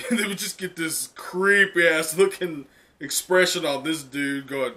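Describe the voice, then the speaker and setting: A man reacting live to a comic chapter in casual, excited talk full of "like" and laughs. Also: a little high, a little slow. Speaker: manga reaction streamer.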